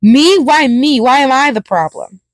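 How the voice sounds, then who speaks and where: A woman's voice: animated, normal speed, no echo, clean studio sound. A woman voicing an unhinged, sneering male killer clown in a read-aloud fan story. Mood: shrill. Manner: sneering, shrill, mocking.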